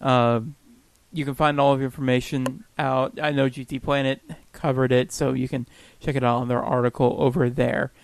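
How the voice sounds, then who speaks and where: A man's voice: medium pitch, little pitch movement, normal speed, gravelly, clear, resonant tone, no echo. A man co-hosting a casual podcast chat, laughing often and poking fun at himself. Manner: laughs often, self-deprecating. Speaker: podcast co-host.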